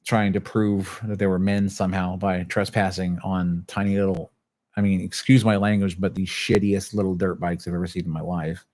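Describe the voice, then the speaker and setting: A man's voice: on the low side, darkish tone. A man telling a long, agitated story in a casual livestream, swearing and acting out what others said. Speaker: channel host.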